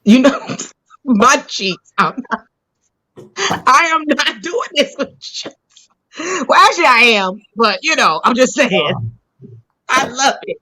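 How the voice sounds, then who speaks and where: A woman's voice: high-pitched, very animated, slow pace, long pauses, bright, forceful tone, breathy edge, rough recording. A woman hosting a talk show over a video call, teasing her guest and laughing heartily in casual comedic chat.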